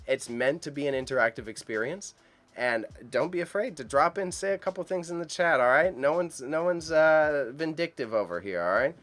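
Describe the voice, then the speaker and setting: A man's voice: on the high side, lively intonation, moderate pace, fairly bright tone. A man hosting a live stream about an auction, talking casually and enthusiastically to his chat viewers with a lot of slang. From Canada. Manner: chatty and enthusiastic, speaks straight to chat viewers, uses slang.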